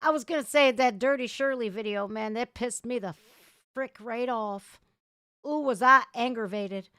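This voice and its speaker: A woman hosting a casual livestream, chatting loudly and crudely with her viewers. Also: on the high side, normal speed, no echo, studio quality. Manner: loud, bubbly, crude banter with viewers. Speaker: livestream host.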